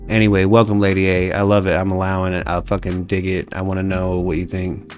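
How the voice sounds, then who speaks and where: A man's voice: deep voice, completely flat delivery, fast, faint music behind. A man hosting a podcast in casual chat, rambling and profane, often trailing off as he reads out chat comments. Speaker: podcast host.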